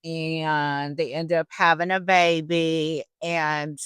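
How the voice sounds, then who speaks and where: A woman's voice: deep voice, flat delivery, slow, a bit bright, clear, resonant tone, no echo. A woman podcast host retelling a story casually, with a faith angle and chatty, slangy asides.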